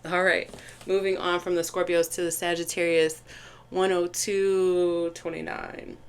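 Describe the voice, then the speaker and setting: A woman doing a casual tarot reading to camera, talking chattily and excitedly, with lots of restarts and fillers. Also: fairly low pitch, unhurried, slight background noise. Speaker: tarot reader.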